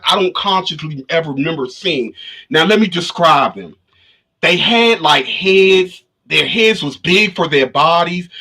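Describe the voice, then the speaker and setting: Addressing his livestream audience, a spiritual vlogger tells a casual story that rambles, restarts and repeats itself often. His high-pitched voice is pushed and bright with a breathy edge, picked up by the camera of his livestream setup.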